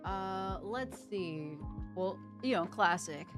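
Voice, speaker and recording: A woman's voice: medium pitch, slow pace, music in the background. A young woman chatting casually while she draws, playfully reciting tongue twisters and laughing at her slips. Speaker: art streamer. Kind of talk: casual chat while drawing.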